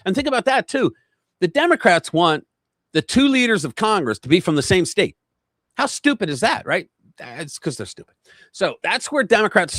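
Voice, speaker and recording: A man's voice: high-pitched, a bit bright, no echo, clean studio sound. A man hosting a livestream, giving casual political commentary in a mocking, rambling way and laughing often. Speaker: livestream show host.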